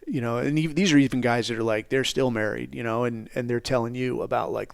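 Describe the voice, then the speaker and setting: A man's voice: mid-range voice, steady tone, fast, gravelly, hardly any pauses, smooth, no room sound, clean studio sound. A middle-aged man from the United States, telling personal stories in a blunt, profane, rambling way. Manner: profane, blunt, rambling, says "dude" a lot. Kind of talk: casual storytelling.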